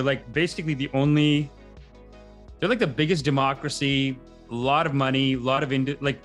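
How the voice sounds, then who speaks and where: A man's voice: medium pitch, fairly bright tone. A man hosting a podcast, riffing in a rambling, tangent-prone comedic monologue. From Canada.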